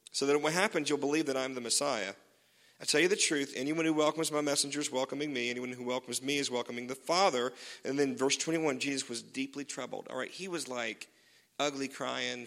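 Bright-voiced joking pastor in a reverberant hall. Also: male voice, medium pitch, gravelly. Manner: casual and joking, many fillers. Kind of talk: sermon.

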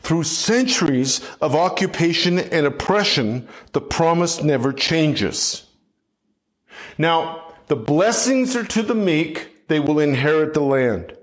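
A middle-aged man preaching a sermon in a measured, reflective way, often restarting his phrases. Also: a little high, animated. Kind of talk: sermon teaching.

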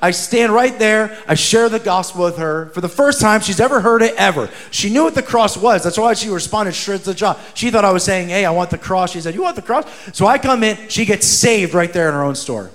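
High-voiced, joking guest preacher, a man. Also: fairly quick, few pauses. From New Jersey. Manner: animated, joking, energetic. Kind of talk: sermon with humorous storytelling.

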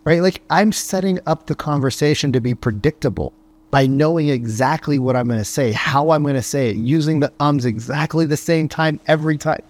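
Man coaching with punchy rhetorical questions. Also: fairly high pitch. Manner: punchy rhetorical questions, frequent "right?" tags; acts out phone calls in quick voices. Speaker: sales coach. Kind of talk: motivational podcast monologue.

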